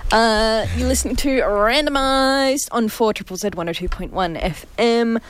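A woman's voice: a little high, normal speed, clear, resonant tone. A woman co-hosting a late-night community radio show, chatting playfully in a studio. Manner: playful, laughs often. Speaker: radio co-host. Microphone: studio microphone.

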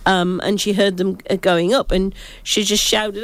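A woman with a gravelly, fry-laced voice chats about ghost sightings, often cutting herself off and starting over. She talks as a psychic, recorded close and dry. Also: mid-range voice, flat delivery, a little slow, dry recording. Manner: rambling, self-interrupting storytelling. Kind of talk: casual ghost-story chat.

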